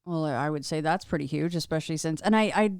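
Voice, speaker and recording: Smooth-voiced woman hosting a podcast. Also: deep voice, fast talker, darkish tone, no echo, clean studio sound. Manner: chatty, asks long rambling questions. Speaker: podcast host. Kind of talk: casual chat.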